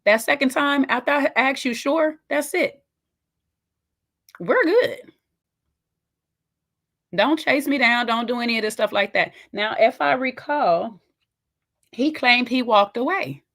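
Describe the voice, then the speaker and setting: A woman's voice: sits high, lively intonation, measured pace, pauses often, fairly bright tone. A woman hosting a reaction video, giving sassy, emphatic commentary and talking straight to the viewer. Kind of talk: casual commentary reacting to a clip.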